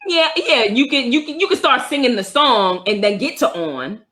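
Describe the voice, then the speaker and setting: A woman with a New York accent co-hosts a loose, friendly game night chat. Her voice is bright and forward, and she rambles with animated energy, laughing as she goes. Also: on the high side, normal speed. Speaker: co-host. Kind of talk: casual chat on a video call.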